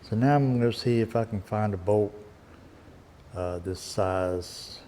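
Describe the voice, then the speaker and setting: Fairly low and mellow, this unhurried male voice carries a little hiss or hum. It's a DIY car repair vlogger chatting folksily and rambling a bit while fixing a car outdoors.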